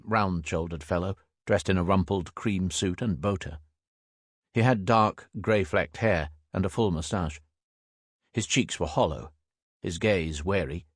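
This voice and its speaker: A man narrates a historical thriller audiobook in a measured, even delivery. His voice is low and deep, and the recording is dry and close with no room sound. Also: no room sound.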